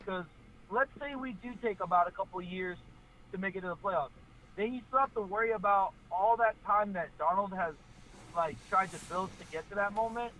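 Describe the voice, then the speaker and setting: Eager high-voiced man calling in. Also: brisk, sharp tone, a little hiss or hum, low-quality recording. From Florida. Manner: eager, earnest, thinks aloud with fillers. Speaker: caller. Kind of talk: call-in to sports talk show.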